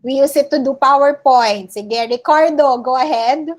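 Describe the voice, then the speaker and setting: A woman's voice: high-pitched, moderate pace. A woman teacher with a Filipino accent, running a word-guessing game on a video call, repeating each answer back as a question. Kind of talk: online class game, mixing English and Filipino.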